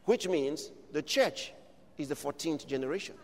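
A man preaching a sermon, building from steady teaching to shouted declarations. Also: fairly high pitch, normal speed, big-room sound.

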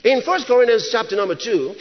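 A man preaching with dramatic emphasis, his voice sitting very high and swinging widely in pitch. He shouts key lines and repeats them for effect. The sound is muffled and carries a long hall reverb. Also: animated, fast talker, some chatter behind, slight background noise. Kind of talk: sermon.

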